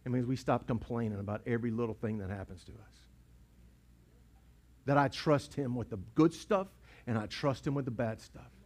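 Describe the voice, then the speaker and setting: A male pastor, preaching a sermon in a church sanctuary, building from hushed asides to shouted repeated lines. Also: medium pitch, moderate pace. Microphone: pulpit mic.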